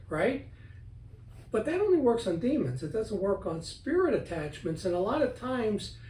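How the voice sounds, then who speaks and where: A middle-aged man, a guest author talking at home in a casual interview, animatedly telling stories and acting out what he said. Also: high-pitched. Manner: animated storyteller, acts out his own words. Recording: roomy, from a distance, faint ambience.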